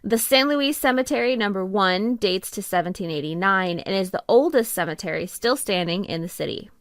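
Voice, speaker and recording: A woman co-hosting a history podcast, reading scripted narration in a steady way with dry asides. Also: mid-range voice, fairly quick, no echo. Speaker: podcast co-host.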